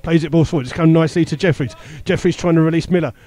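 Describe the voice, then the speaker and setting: A man's voice: a little high, steady tone, very fast, warm tone, slight background noise. A man giving live radio commentary on a football match, rattling off play-by-play with the odd filler and chuckle. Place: stadium commentary position.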